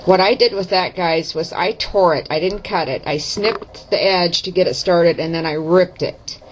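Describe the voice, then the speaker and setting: At a normal speed and in a lowish voice, a craft vlogger chats to camera about her projects, walking through each step and correcting herself with folksy charm. There's a little hiss or hum in the dull, lo-fi audio from her camera mic.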